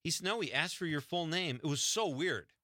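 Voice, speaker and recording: A man's voice: fairly high pitch, a little fast, dry recording, studio quality. A middle-aged man hosting a talk radio show, telling a story with frequent laughs. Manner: animated, laughing anecdotes.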